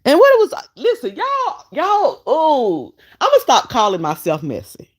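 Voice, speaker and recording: A woman's voice: sits high, wildly swooping pitch, measured pace. A woman hosts a casual live stream, scolding and teasing in a sassy way. Her voice swings widely up and down as she talks. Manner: sassy, fussing, talks straight to chat. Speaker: vlogger host.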